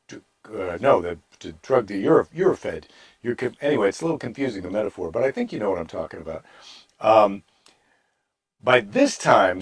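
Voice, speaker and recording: Wry rambling male comedian. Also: medium pitch. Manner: wry, rambling asides, mock-dramatic readings. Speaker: comedian hosting a daily live stream. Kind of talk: casual comedic chat with Bible reading.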